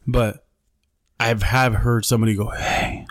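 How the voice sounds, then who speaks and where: A man's voice: mid-range voice, normal speed, no room sound, studio quality. A man co-hosting a podcast, telling a story in laid-back casual chat, swearing freely and calling people bro and dude. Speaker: podcast co-host.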